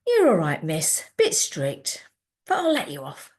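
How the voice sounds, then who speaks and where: A woman's voice: sits low, wildly swooping pitch, a little slow, darkish tone, heavily acted. A woman voicing a cheeky nine-year-old boy who teases in a mocking, sing-song way. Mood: teasing.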